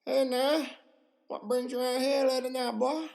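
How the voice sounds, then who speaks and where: A man voicing a creepy, smiling Southern male cop with a high, sing-song drawl and false friendliness. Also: level tone, moderate pace, gravelly, a little mellow. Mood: falsely friendly.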